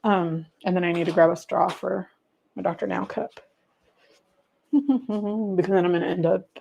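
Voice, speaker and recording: A middle-aged woman with a mellow, warm voice hosts a casual home livestream. Her talk is chatty and rambling, and she keeps turning to greet viewers by name as she moves around. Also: on the low side, a little slow, vocal fry, slight background noise, poor audio. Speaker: livestream host.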